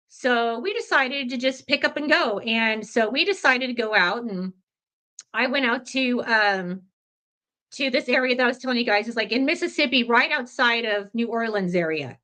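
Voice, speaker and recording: A woman's voice: a little high, sharp tone. A woman in her fifties telling a personal story in a casual, rambling way, full of fillers, self-corrections and easy laughter. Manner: laughs easily. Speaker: podcast storyteller.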